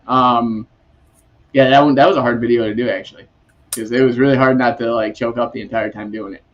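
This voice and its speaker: A man's voice: mid-range voice, steady tone, brisk. Laughing man with a dull, lo-fi sound. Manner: rambling, laughs often. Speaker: podcast host. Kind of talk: casual chat.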